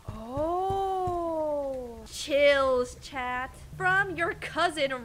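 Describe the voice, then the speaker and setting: Girl streamer playing a horror game, talks to chat, super high voice, goes all over the place, giggly and excitable. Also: unhurried, background noise. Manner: excitable, giggly, chats to viewers. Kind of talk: casual gameplay commentary.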